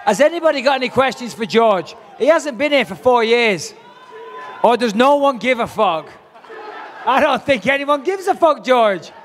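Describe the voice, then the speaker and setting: A man at a press conference, taunting and swearing with cocky swagger. His voice sits high for a man. It rings out with a long reverb, as in a big hall. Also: big pitch swings, normal speed, a bit bright, a faint crowd. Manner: brash, profane, taunting. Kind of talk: trash talk at a press conference.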